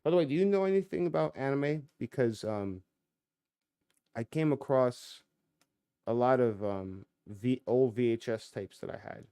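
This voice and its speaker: Male streamer, thirties, casual rambler, salty language, close dry sound, mid-range pitch. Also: dark tone, smooth, no room sound. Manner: loose, profane, full of restarts and fillers. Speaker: live stream host.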